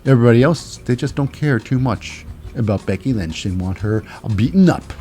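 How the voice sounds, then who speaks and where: A man's voice: medium pitch, animated, moderate pace, dark tone, soft background music. A man hosting a podcast and recapping wrestling in a casual, rambling way, with many fillers and restarts. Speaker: podcast host.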